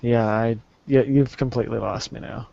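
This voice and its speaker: A man's voice: mid-range voice, fairly even intonation, normal speed, creaky, dark tone, slight background noise. A man in casual chat, laid-back and often stumbling over his words. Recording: dry, muffled lo-fi recording.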